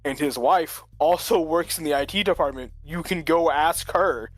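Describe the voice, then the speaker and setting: A man's voice: a little high, normal speed, no room sound. A man telling a long story in casual chat, rambling with lots of filler words and frequent chuckles. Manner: rambling, full of "like", chuckles often.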